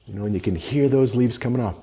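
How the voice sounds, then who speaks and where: A man's voice: medium pitch, fast talker, mellow, breathy edge. A middle-aged man giving a cooking demonstration lesson, explaining each step as he works with his hands. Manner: explanatory, talks through each step while working. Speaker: culinary instructor.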